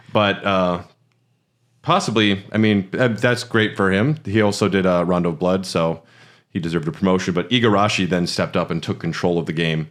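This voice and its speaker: A man's voice: low voice, fairly even intonation, normal speed. A man co-hosting a podcast, talking casually about games with lots of fillers and restarts. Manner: rambling, many fillers and restarts. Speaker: podcast co-host. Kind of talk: casual chat.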